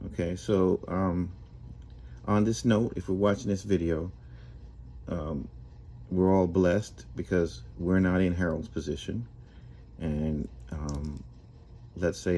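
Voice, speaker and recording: A man with a very low, dark, mellow voice tells a story casually. He speaks in a relaxed way and often restarts and repeats his words. Faint noise sits behind him. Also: slow, long pauses.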